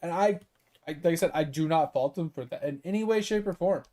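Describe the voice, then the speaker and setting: A man chatting casually while he plays a game, telling a story with a lot of swearing and laughter. His voice sits high for a man, with a mellow, soft edge. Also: a little fast. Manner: profane, animated storytelling with laughs. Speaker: gaming streamer.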